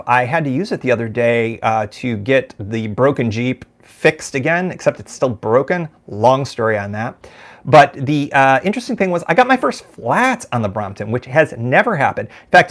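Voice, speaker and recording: A man's voice: medium pitch, sing-song, normal speed. A middle-aged American man hosting a live podcast from a room at home, talking casually in a rambling, self-deprecating way. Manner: rambling, self-deprecating, lots of fillers and restarts. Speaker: podcast host. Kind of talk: casual live-stream chat.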